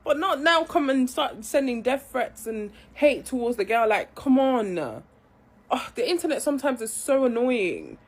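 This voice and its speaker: Woman, higher voice, breathy, exasperated rant, scolding. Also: very animated, a little slow. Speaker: commentator. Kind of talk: ranting commentary.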